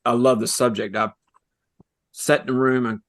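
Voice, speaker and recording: A male podcast co-host with a dry, self-mocking way of talking. He hesitates often with "uh" and "um". His voice sits at an ordinary middle pitch. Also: level tone, normal speed, fairly bright tone. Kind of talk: casual movie podcast chat.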